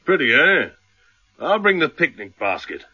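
A man's voice: a little high, big pitch swings, a little slow, sharp tone, breathy edge, faint music behind, full character voice. An actor playing a jovial, pushy man in a radio drama, who keeps tacking "eh?" onto his lines. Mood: hearty, coaxing. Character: hearty middle-aged man, pushy and suggestive. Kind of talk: 1970s radio drama acting. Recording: dull lo-fi radio recording.

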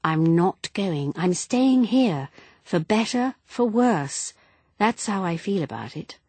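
An uneasy young wife with a husky, lively voice that rises and falls a lot, as a woman narrator reads her lines. She speaks softly and earnestly, and her superstitious streak colors every sentence of this audiobook scene. The dry recording keeps the husky grain close. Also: medium pitch, takes it slowly, no echo, pitched above the performer's own voice. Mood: tender. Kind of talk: audiobook character reading.

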